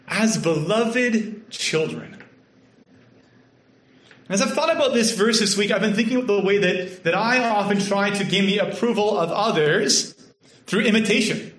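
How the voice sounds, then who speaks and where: A man from Canada with a Canadian accent, preaching a sermon with earnest storytelling that sometimes drops to a soft hush. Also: high-pitched. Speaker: pastor. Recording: echoey room.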